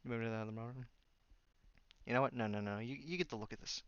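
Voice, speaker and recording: A man's voice: medium pitch, very fast, a bit bright, clear, resonant tone, no echo, lo-fi sound. A man telling a rambling story in a casual vlog, sarcastic and exasperated as he goes. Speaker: YouTuber.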